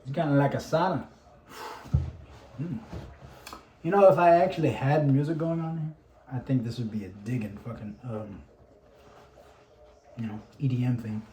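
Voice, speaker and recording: A man's voice: medium pitch, normal speed, long pauses, dark tone. Rambling, cursing young man in an echoey room. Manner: rambling, swears a lot. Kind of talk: casual gaming chat. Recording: echoey room, faint background hum.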